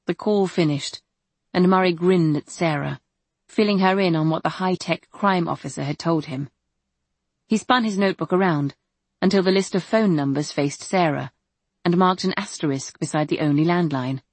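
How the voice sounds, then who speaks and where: A woman narrating an audiobook in a measured, even storytelling manner. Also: fairly low pitch, slightly rough, no echo. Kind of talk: scripted narration.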